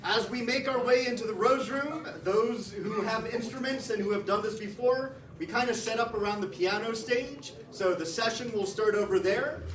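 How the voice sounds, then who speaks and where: Event host, very high male voice, relaxed announcements, echoey hall with crowd chatter. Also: moderate pace, few pauses. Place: live music cafe venue. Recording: echoey room, distant mic, crowd noise.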